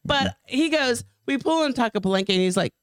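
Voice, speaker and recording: Brash, profane woman with a lively voice. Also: a little high, fairly quick, smooth, dry recording, clean studio sound. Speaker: podcast co-host. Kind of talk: casual banter.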